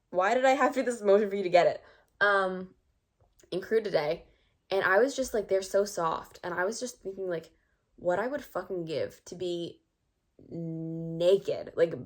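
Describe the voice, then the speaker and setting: A woman's voice: mid-range voice, normal speed. A teenage girl vlogging in a casual, rambling, self-mocking monologue full of filler words. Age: teens.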